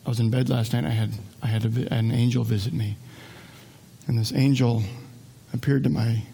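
A pastor putting on a hushed, guilt-ridden house painter. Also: male voice, mid-range voice, little pitch movement, vocal fry, breathy edge, pitched below the performer's own voice. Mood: remorseful. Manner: hushed, halting, remorseful. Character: guilt-stricken male house painter, middle-aged.

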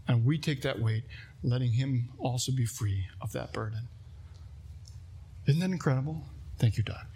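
A man's voice: medium pitch, moderate pace, warm tone, breathy edge. A man preaching a sermon, earnest and conversational, working through an example with a volunteer. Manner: earnest and conversational, using a volunteer as a live illustration. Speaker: pastor.

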